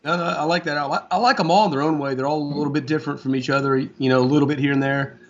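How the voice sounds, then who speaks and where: A man in his forties from Florida, a guest guitarist in a casual interview, talking in a relaxed, rambling way with lots of fillers. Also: fairly high pitch, very fast. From Florida, USA. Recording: dull lo-fi sound.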